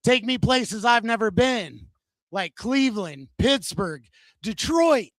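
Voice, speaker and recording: A man's voice: sits high, expressive, slow, a bit bright, no room sound. Crude, self-mocking male stand-up comic. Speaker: stand-up comedian. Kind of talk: stand-up comedy set. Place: comedy venue stage.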